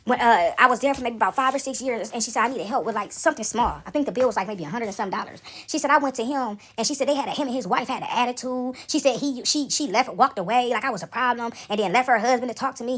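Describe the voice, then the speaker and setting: A woman's voice: a little high, fast talker, hardly any pauses, breathy edge. A woman casually telling a story to her viewers, chatty and talking straight to them. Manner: chatty, addresses viewers as y'all.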